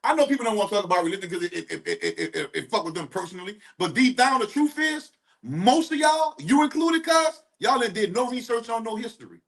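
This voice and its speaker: A man's voice: high voice, expressive, brisk, vocal fry. A man co-hosting a podcast, giving blunt, profane opinions in casual street talk. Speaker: podcast co-host.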